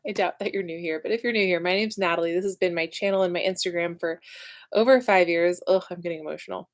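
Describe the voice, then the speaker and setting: A young woman from Southern California hosts her channel's casual livestream in a voice on the low side. She's chatty and emotional, using plenty of fillers. The recording is rough.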